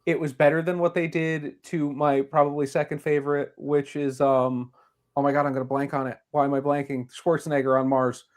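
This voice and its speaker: A man's voice: on the high side, flat delivery. A man in his thirties from New England, co-hosting a casual podcast chat in a playful, teasing way. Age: 30s. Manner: playful, teasing, quick to laugh. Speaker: guest co-host.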